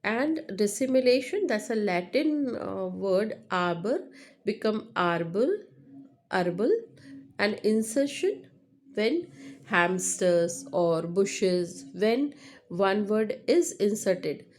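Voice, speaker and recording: A woman's voice: medium pitch, animated, slow, a little mellow. A woman teaching a lesson on phonology, repeating examples and checking in with "right?". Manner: repetitive, checks understanding with "right?". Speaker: English teacher. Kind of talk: lecture explaining linguistics.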